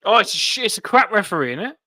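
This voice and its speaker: A man co-hosting a fan football channel, chatting casually with jokey, excitable banter. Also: high-pitched, rapid-fire, no room sound.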